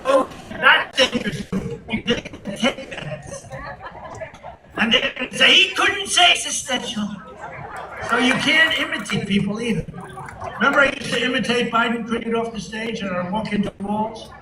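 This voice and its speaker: A man delivers a rambling, boastful rally speech full of mocking asides. His voice sits fairly high for a man and reaches the mic from a distance. The sound is roomy and echoing, with steady noise underneath. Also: moderate pace. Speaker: political speaker addressing an audience. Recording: distant, echoey live feed with noise.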